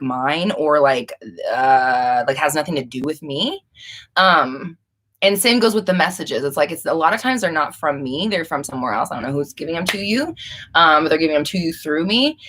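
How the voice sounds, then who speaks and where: A woman's voice: on the low side, a bit bright. A young woman hosting a live Q&A stream, rambling and casual with frequent restarts and swearing. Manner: rambling, profane, chatty with restarts. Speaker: livestream host.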